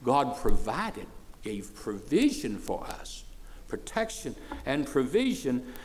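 Folksy older pastor with lively pitch. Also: male voice, slow pace, slight background noise. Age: 60s. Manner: swells loud for praise, then drops low and soft; folksy, plain-spoken. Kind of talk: sermon. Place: church.

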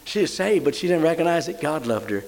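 With big pitch swings, vocal fry, and a slightly mellow tone, an older man preaches fast on a low-quality recording. His sermon's story builds into fervent praise, peaking in high emotional exclamations.

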